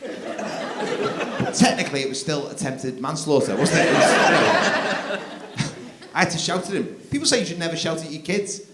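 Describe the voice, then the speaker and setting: A man doing live stand-up comedy on a theatre stage, telling stories in a conversational, animated way. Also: a little high, moderate pace, long pauses. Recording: echoey theatre, loud crowd noise.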